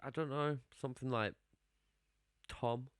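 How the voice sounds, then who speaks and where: A man's voice: medium pitch, fairly even intonation, a little slow, clean tone, no room sound. A man co-hosting a podcast, firing off short teasing quips. His voice is dry and close, with no room sound around it. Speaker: podcast co-host. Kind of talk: casual podcast banter.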